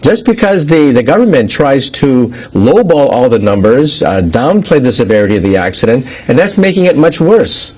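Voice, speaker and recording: A man's voice: mid-range voice, sing-song, moderate pace, hardly any pauses, darkish tone, husky. A man explaining a nuclear accident as an expert, building long everyday analogies step by step. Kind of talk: explanatory interview speech.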